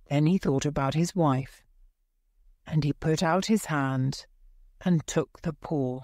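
Lady reading a story out slow and clear, low voice, dry close sound. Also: a little mellow, dry recording. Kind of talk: scripted story narration for English learners.

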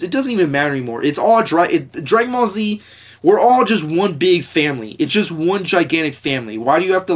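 A young man from the United States hosting a podcast, ranting casually with lots of swearing, fillers and restarts. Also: a little high. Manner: profane, repetitive, frequent fillers and restarts. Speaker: podcast host.

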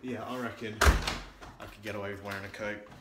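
A man's voice: lowish voice, steady tone, moderate pace, heavy background noise. A young man vlogging casually at home, rambling and mocking himself, with lots of fillers. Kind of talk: casual vlog chat. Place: at home, indoors and out. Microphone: handheld camera at arm's length.

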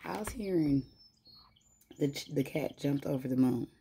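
A woman's voice: a bass voice, expressive, moderate pace, dark tone, a little hiss or hum. A woman giving a casual spiritual tarot reading, chatty and laughing often as she talks to her viewers. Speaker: tarot reader.

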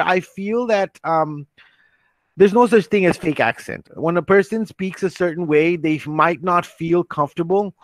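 A man's voice: a little high, no room sound. A man leading an online training session, earnest and reassuring, who often restarts his sentences and reads out questions from the chat. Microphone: computer mic on a video call.

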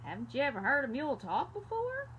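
A woman voicing a smug, unimpressed talking cat in a folk tale, asking slow, sly questions. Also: sits high, huge pitch swings, muffled recording, a little hiss or hum, pitched above the performer's own voice.

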